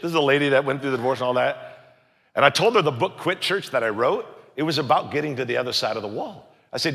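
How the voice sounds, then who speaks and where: A middle-aged man, a pastor, telling a story in a sermon and acting out the other voices with animated raised lines. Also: medium pitch, fast, vocal fry, slightly rough. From United States. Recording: long hall reverb.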